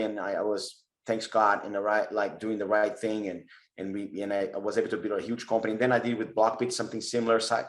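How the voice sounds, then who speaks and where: A middle-aged man, a company chief answering questions in conversation, halting with restarts and fillers. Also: fairly low pitch, roomy sound. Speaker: CEO and spotlight speaker.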